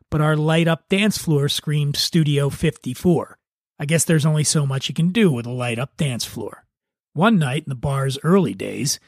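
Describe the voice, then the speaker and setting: A man hosting a podcast, reading a story aloud in a relaxed, wry manner. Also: fairly high pitch, no room sound, clean studio sound. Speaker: podcast host.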